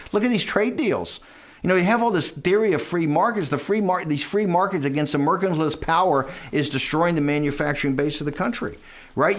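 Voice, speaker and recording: A man being interviewed who tells stories emphatically and rambles through them, often tagging his points with "right?" and "okay?". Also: fairly high pitch. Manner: animated, mimics others in quoted asides. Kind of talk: conversational interview storytelling.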